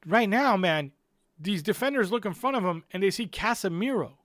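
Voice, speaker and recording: A man's voice: sits high, expressive, normal speed, a bit bright, no room sound, studio quality. A man hosting a live-stream football fan show, talking emphatically, repeating his points and speaking straight to viewers. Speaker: football channel host.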